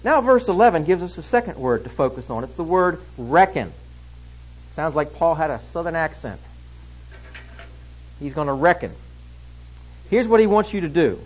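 A man preaching an expository sermon, emphatic, swinging between loud stresses and hushed lines. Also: on the high side, very animated, brisk, breathy edge, dull audio.

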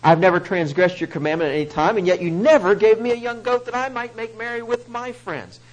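A man's voice: fairly high pitch, sing-song, measured pace, fairly bright tone, breathy edge, heavily acted, poor audio. A preacher acting out a resentful, self-righteous older brother who complains bitterly to his father.

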